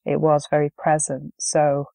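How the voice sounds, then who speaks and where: Low-voiced woman co-hosting a film podcast. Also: completely flat delivery, measured pace, gravelly, dark tone, dry recording. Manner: easygoing, chatty with frequent ums. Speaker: podcast co-host. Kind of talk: casual film review chat.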